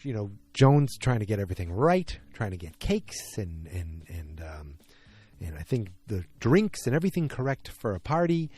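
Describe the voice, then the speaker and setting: Brief: male podcast host, lower voice, mellow tone, casual rambling recap full of ums. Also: big pitch swings, normal speed, slightly rough. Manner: rambling, many fillers and restarts. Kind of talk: casual solo episode recap.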